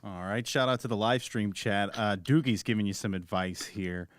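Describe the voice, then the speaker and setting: A man co-hosting a podcast in a studio, relaxed and hesitant, reading out chat messages. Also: on the low side, normal speed, slight background noise. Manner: laid-back, hesitant with fillers, reads chat aloud. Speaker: co-host producer. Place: radio studio.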